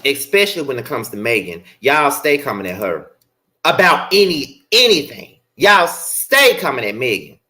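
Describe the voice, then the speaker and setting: A man's voice: mid-range voice, big pitch swings, normal speed, pushed and bright. A young man hosting a livestream, ranting bluntly and profanely, repeating his points for emphasis. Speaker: show host.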